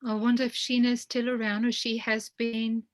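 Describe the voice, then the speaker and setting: A woman's voice: fairly high pitch, flat delivery, brisk, no room sound, low-quality recording. A woman chairing an online club meeting, politely calling on speakers and moving the session along. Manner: polite, orderly, with filler sounds. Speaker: meeting host. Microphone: video call.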